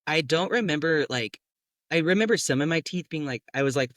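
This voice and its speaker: A young man co-hosting a podcast, telling funny stories in a playful way, often trailing off into quiet mumbles. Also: fairly high pitch, lively intonation, fairly quick, dry recording, studio quality. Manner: playful, drops to a mumble at ends of phrases. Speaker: podcast co-host. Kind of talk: casual chat.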